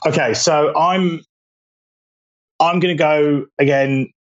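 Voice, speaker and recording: A man's voice: fairly high pitch, fairly even intonation, slow pace, lo-fi sound. A man from England, a podcast guest, reminiscing fondly and meanderingly in casual chat. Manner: fond, meandering recollection.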